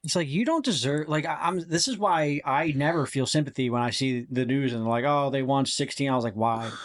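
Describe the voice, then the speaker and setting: A man's voice: on the high side, brisk. A man hosting a casual podcast chat, ranting with easy laughter. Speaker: podcast host.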